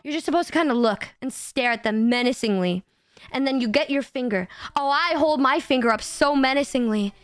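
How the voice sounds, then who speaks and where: A young woman streamer chatting casually with her viewers, animated and swearing, often breaking into laughs. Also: high-pitched, brisk, clear, resonant tone, no echo, clean studio sound.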